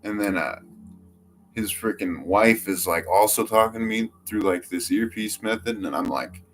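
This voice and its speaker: A man's voice: fairly low pitch, fairly bright tone, slight background noise. A young man telling a casual first-person story, rambling with constant "like" fillers and the odd swear word. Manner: rambling, heavy use of filler "like"; swearing, quick quoted outbursts.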